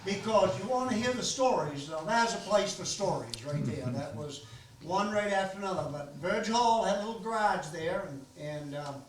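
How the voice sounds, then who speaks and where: A man's voice: high-pitched, expressive, moderate pace, far from the mic. Older Maine man telling stories in an echoey room. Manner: rambling, folksy, full of ums and restarts. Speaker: host of a storytelling gathering. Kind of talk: casual storytelling to an audience. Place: library meeting room.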